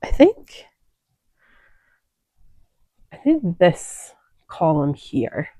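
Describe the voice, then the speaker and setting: A woman hosting a crafting chat in an unhurried voice, taking her time over each thought. She talks casually, doubles back on her words and corrects herself as she goes. The sound is dry and close, with no room around her. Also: fairly low pitch, mellow, dry recording. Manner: chatty, digressive, self-correcting. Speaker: knitting podcast host. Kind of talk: casual chat showing knitting projects.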